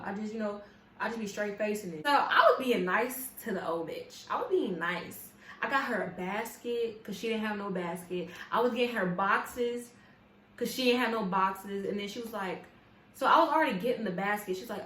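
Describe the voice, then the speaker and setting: A young woman telling a storytime vlog in a casual, animated, profane way, talking straight to her viewers. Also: mid-range voice, moderate pace, slight background noise. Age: young adult. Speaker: vlogger. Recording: echoey room with faint ambience.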